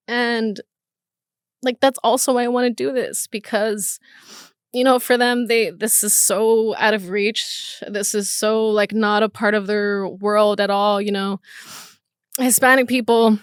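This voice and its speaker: A woman's voice: a little high, steady tone, unhurried, smooth, no room sound, studio quality. Candid, nervous young woman hosting a podcast. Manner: candid, nervous and emotional, swears freely. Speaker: podcast host. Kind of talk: casual solo podcast monologue.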